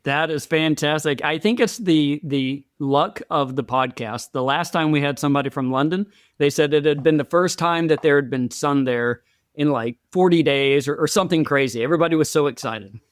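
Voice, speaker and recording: A man's voice: fairly high pitch, normal speed, smooth, no echo, clean studio sound. A man hosting a podcast interview, chatty and friendly, often repeating words as he talks. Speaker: podcast host.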